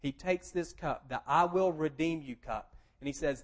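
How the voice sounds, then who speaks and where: A man's voice: on the high side, normal speed, hardly any pauses. A man preaching a sermon, explaining plainly and quoting scripture with emphasis. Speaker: pastor.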